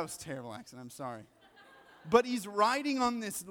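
A male pastor preaching a sermon in a casual, joking way, swinging between loud excitement and hushed asides. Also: high-pitched, brisk. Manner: conversational, joking. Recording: long reverb of a large hall.

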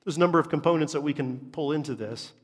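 Man, pastor's sermon, somewhat high voice, long hall reverb. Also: fast talker, husky. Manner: earnest, emphatic, repeats phrases for stress.

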